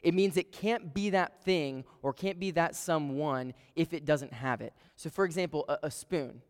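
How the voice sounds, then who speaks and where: A man preaching to a student group, his voice clear and resonant as it rings through a large hall with a long reverb. He tells stories animatedly, dropping to a hush and then surging loud, and sits a little high in pitch for a man. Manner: storytelling with sudden swings between hushed and loud. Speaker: campus ministry speaker.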